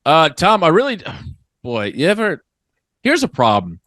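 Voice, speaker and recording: A man's voice: on the high side, wildly swooping pitch, a little slow, fairly bright tone, no room sound. A man co-hosting a comedy podcast, joking in a dry, mock-serious, riffing way. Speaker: podcast co-host. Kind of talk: casual comedy chat.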